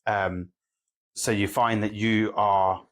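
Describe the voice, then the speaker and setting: A man's voice: fairly low pitch, flat delivery, slow pace, fairly bright tone. A man co-hosting a podcast, listening supportively and reflecting on growing up with one parent. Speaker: podcast co-host. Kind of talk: candid podcast conversation.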